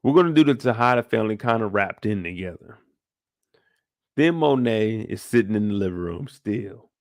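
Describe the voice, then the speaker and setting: A man hosting a casual episode recap, animated and profane, firing off rhetorical questions. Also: on the low side, normal speed, dry recording, studio quality. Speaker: show recap host.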